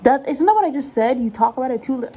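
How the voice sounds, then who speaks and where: A young woman talks casually to her camera while she cooks in her kitchen at home. Her voice is mellow and warm. She rambles and jokes, often at her own expense. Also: high voice, expressive, quick pace. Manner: rambling, jokey, self-mocking. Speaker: vlogger. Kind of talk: casual chat while cooking.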